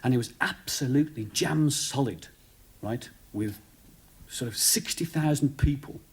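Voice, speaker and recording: A man with a Birmingham accent does stand-up in a TV studio before a live audience, telling a rambling, chatty story full of "you know." His voice is medium-pitched and measured, in a 1970s studio recording with loud audience laughter.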